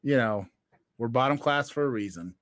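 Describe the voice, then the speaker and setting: A man's voice: medium pitch, lively intonation, normal speed, no room sound, clean studio sound. A man co-hosting a casual comedy podcast, bantering crudely and teasing his co-host.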